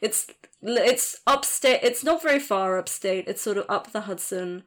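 A woman's voice: medium pitch, measured pace, fairly bright tone. A young woman co-hosting a casual podcast chat, talking loosely with lots of fillers and frequent laughter. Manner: chatty, giggly, lots of fillers. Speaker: podcast co-host.

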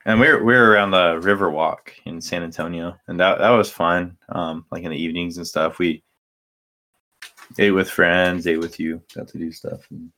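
A young man with a very deep voice talks through his week on a podcast. He rambles loosely, circling back with fillers and restarts. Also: steady tone, moderate pace, bright, forceful tone. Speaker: podcast co-host. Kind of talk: casual chat.

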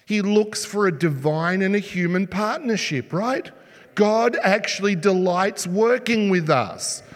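Male preacher, animated storyteller, lightly raised pitch; reverb-heavy hall sound. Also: unhurried. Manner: animated storytelling, asks the congregation rhetorical questions. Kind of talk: sermon. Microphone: sermon mic, mask just taken off.

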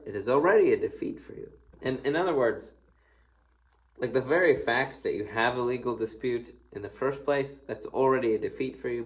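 In a rough recording, a man with a mid-range voice leads a relaxed devotional. He's a pastor who reads a Bible passage aloud and then talks it over in a playful, folksy, conversational style, offering casual devotional teaching.

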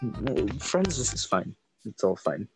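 A teenage boy chatting casually on a remote call, relaxed and a little hesitant. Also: lowish voice, unhurried, over music. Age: teens. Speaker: co-host. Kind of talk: casual chat.

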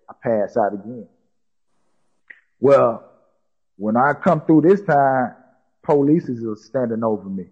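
A man's voice: mid-range voice, lively intonation, a little slow, pauses often, slightly rough, dull audio. A man telling a personal story in casual talk, repeating himself and acting out what people said. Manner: repetitive, acts out quoted dialogue.

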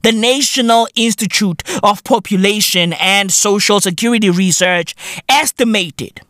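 A man with hosting a comedy podcast, giving a profane monologue full of "bruv" and "innit" and shouting some bits. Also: high-pitched, unhurried, no room sound, clean studio sound. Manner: profane slangy banter, frequent "bruv" and "innit".

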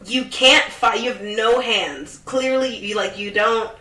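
A woman's voice: a little high, a little slow, pushed and bright, recorded from a distance. A young woman co-hosting a casual chat, ranting sarcastically and swearing a lot. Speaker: podcast co-host. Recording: echoey room, off mic.

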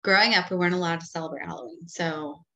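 Casual female co-host, thirties, crisp bright tone, laughs easily. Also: on the low side, quick pace. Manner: animated, laughs often. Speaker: podcast co-host. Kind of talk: casual chat.

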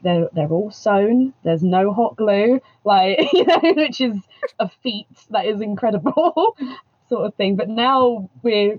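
A woman's voice: mid-range voice, husky. A woman, a cosplayer guest, chatting casually and laughing a lot. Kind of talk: casual chat on a live stream. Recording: dull lo-fi audio.

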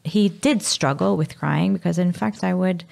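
Gravelly-voiced Maltese woman, halting. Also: lowish voice, darkish tone. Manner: halting, searching for words. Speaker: guest, mother of a sick child. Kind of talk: candid emotional conversation.

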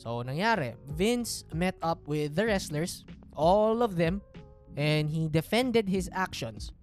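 A woman with a Filipino accent tells a story on a casual podcast in a lower-pitched voice. Her delivery is animated, and she moves easily between two languages. Faint music plays beneath her. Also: slow pace. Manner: animated, code-switching storyteller. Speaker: podcast host.

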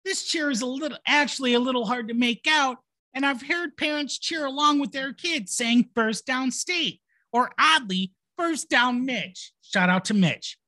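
A woman's voice: high voice, unhurried, sharp tone, pitched above the performer's own voice. A woman voicing a whiny middle-aged dad as she mockingly reads his complaint letter aloud. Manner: whiny, indignant, mocking read. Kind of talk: mock reading of a complaint letter.

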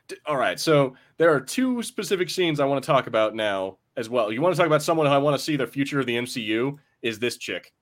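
A man's voice: mid-range voice, lively intonation, quick pace. An American man co-hosting a podcast, joking and swearing freely in casual chat. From United States. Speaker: podcast co-host.

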